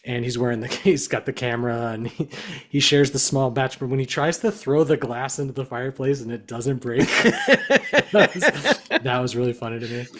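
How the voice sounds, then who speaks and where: A man in a casual podcast chat, recounting funny movie bits with open enthusiasm. He laughs through his sentences and swears easily, at an average pitch. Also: expressive, normal speed, fairly bright tone. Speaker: podcast co-host.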